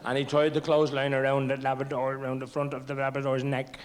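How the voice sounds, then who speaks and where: A man's voice: mid-range voice, monotone, fast talker. A man telling comic childhood stories on stage, with a stammering, mock-innocent delivery. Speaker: stand-up comedian. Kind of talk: stand-up storytelling. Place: theatre stage. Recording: noisy old VHS tape.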